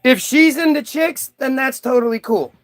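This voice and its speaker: A man's voice: very high voice, normal speed. A man hosting a livestream, ranting casually to his chat in a heated, profane way with many restarts. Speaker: livestream host. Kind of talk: casual rant to a live chat.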